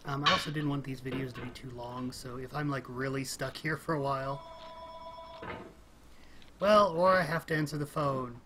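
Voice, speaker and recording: A casual gamer talking through a frustrating climbing game, rambling and thinking out loud, often breaking into small laughs and sudden exclamations. The voice sits at an ordinary middle pitch. A clear, steady hiss runs under the recording from a home desk mic. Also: normal speed. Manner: chatty, thinks aloud, rambles, frequent little laughs and exclamations. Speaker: let's play gamer.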